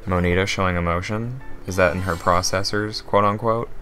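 A man's voice: sits low, steady tone, brisk, a bit bright, faint music behind. A young man hosting a let's play, joking as he reads game text aloud and riffs on it. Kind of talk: casual gameplay commentary.

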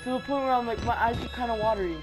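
A woman commenting on a horror game as she plays, excitable and repeating her exclamations. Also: on the high side, racing, poor audio. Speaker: gamer. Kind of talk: let's play commentary. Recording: game music behind. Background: game music.

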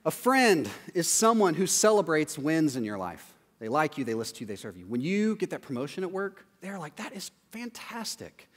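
Male preacher, conversational sermon, raised pitch, long church-hall reverb. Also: sing-song, brisk, few pauses. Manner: conversational, acts out quoted voices, frequent "right?" asides. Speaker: pastor.

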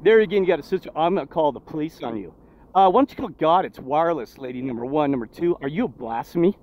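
This man talks fast with a slightly high, animated, somewhat mellow voice, delivering an agitated street vlog by a road and firing off rhetorical questions in a preachy tone. Faint traffic sits under the dull lo-fi phone recording.

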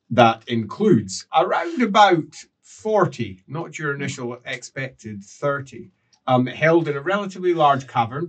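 A man narrating a tabletop game as game master, unhurried with frequent fillers. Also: mid-range voice, fairly bright tone.

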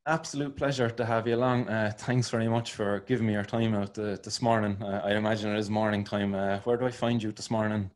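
A man hosts a relaxed podcast interview. He speaks in a fairly low voice, and his questions come out hesitantly with plenty of fillers. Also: fairly quick, few pauses. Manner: hesitant, many fillers, laughs easily. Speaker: podcast host. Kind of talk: casual interview chat.

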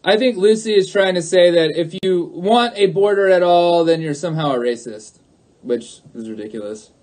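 High-voiced sarcastic man on a livestream. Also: normal speed, darkish tone. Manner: sarcastic, mocking; argumentative, repeats himself. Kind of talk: livestream talk answering chat.

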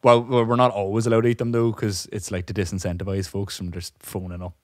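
A man's voice: lowish voice, flat delivery, quick pace, dry recording, clean studio sound. A young man co-hosting a podcast, telling a long story in a rambling way, swearing often and laughing as he goes. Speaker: podcast co-host. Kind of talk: casual storytelling chat.

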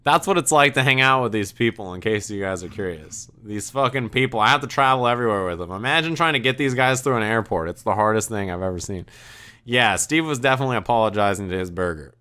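A man's voice: lowish voice, animated, fast talker, sharp tone, clean tone. A man streaming, telling a rambling, laughing story in casual chat, full of "like" and restarts. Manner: rambling, laughing, heavy use of "like".

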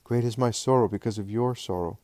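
A man voicing Mary, a loving and sorrowful mother, in a devotional audiobook, speaking softly and tenderly. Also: lowish voice, fairly quick, no room sound, close to an everyday voice.

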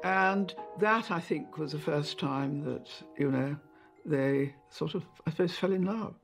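A woman's voice: low voice, measured pace, faint music behind. An older English woman recalling memories in an interview, telling anecdotes and acting out voices. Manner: anecdotal, acts out remembered voices. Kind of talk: reminiscing interview.

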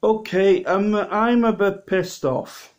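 Welsh man, a bit drunk, slow and halting, higher voice, rambling casual vlog. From Wales. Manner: rambling, halting, with many restarts. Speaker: lay preacher vlogger. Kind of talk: casual beer-tasting vlog.

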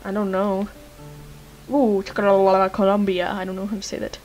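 A woman's voice: medium pitch, little pitch movement, measured pace, highs cut off, faint music behind. A young woman with a Lithuanian accent, a native Lithuanian speaker doing let's-play commentary, laughing, swearing and joking at the screen. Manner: loud, giggly, cursing, joking at the screen. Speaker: gamer.

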